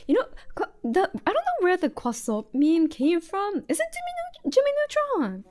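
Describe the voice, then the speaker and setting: A woman's voice: extremely high pitch, wildly swooping pitch, moderate pace, a little mellow. A young American woman chatting casually on a live stream while she draws, rambling and giggling with lots of fillers.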